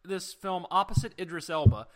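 High-voiced joking man. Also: expressive, brisk. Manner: jokey, riffing on trivia. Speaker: podcast co-host. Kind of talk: casual movie-review chat.

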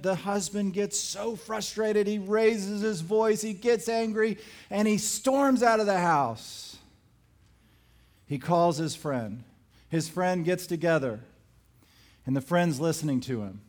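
A male pastor delivering a sermon in a high, light voice. He speaks slowly and deliberately, building points with emphatic repetition and slipping into little acted-out quotes as he tells his stories.

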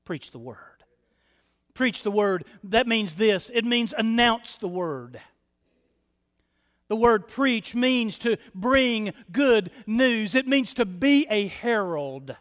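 A man's voice: high-pitched, lively intonation, slow, a bit bright. A male pastor preaching a sermon from the pulpit, emphatic, repeating key phrases and speaking straight to the congregation. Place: church sanctuary. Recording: long church reverb.

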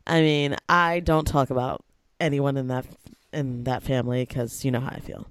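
A woman's voice: a bass voice, steady tone, normal speed, clear, resonant tone, no echo, studio quality. A woman co-hosting a casual chat show, talking in a wry, chatty way and laughing often. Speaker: co-host.

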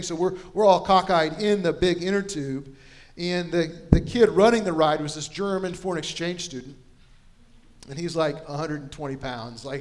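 A middle-aged man preaching a sermon, his voice sitting a little higher than most men's. He tells stories in a loose, conversational way and drops in self-deprecating asides. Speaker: pastor. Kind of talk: storytelling sermon.

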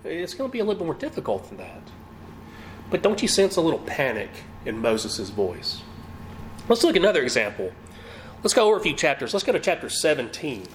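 A man preaching a teaching sermon in a high, lively voice that rises and falls widely. He asks his listeners question after question and acts out the characters' words. Faint noise sits under the recording. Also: fairly quick. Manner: animated, rhetorical questions, acts out quotes.

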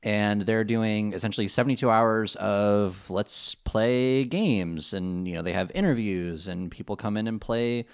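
Male podcast co-host, lower voice, loose rambling chat full of fillers. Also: measured pace, hardly any pauses, clear, resonant tone. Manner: rambling, many fillers and restarts, laughs easily. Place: home.

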